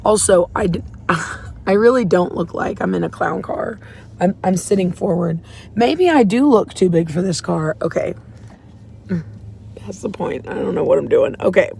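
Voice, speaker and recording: A woman's voice: fairly low pitch, lively intonation, moderate pace, vocal fry, dark tone, slight background noise. A woman talking candidly and emotionally from a parked car in a parking lot, rambling a little as she shares her faith. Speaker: faith vlogger. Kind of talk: casual confessional vlog.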